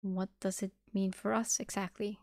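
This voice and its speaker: A cold, blunt young man from a storybook, as a woman reader puts him on, with curt and flat lines. Her voice has a gravelly fry and a dry, close sound. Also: mid-range voice, normal speed, dry recording, natural voice. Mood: uneasy.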